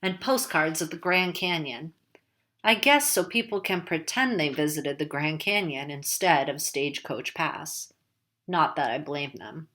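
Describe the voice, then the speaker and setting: Lower-pitched woman narrating wryly. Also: a little slow, a bit bright. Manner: casual, wry, conversational storytelling. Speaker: audiobook narrator. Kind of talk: first-person novel narration.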